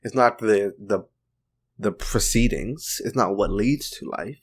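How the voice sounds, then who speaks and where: Man, lower-pitched voice, casual opinion monologue, informal, side jokes. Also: unhurried, husky. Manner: informal, chatty, with joking side remarks. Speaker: video commentator.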